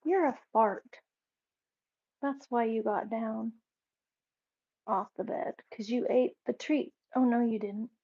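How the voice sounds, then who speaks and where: A woman with a slightly high voice talks slowly in a casual home vlog, firmly ordering her dogs around. The sound is dull and lo-fi, picked up by a camera in the room. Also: breathy edge. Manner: firm, repeated commands to her dogs. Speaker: vlogger. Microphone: camera set up in the room.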